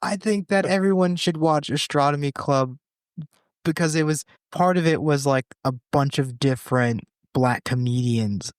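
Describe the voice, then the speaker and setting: A man's voice: fairly high pitch, moderate pace, clean tone, no room sound, clean studio sound. A man co-hosting a casual chat, talking with enthusiasm about comedy and now and then acting out lines. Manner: enthusiastic, acts out sketch lines. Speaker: podcast co-host. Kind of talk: casual conversation.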